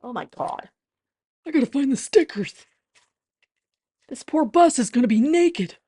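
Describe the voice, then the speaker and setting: A young woman hosting a casual vlog, soft and tearful at times, then bubbly and excitable. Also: high voice, measured pace. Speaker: vlogger.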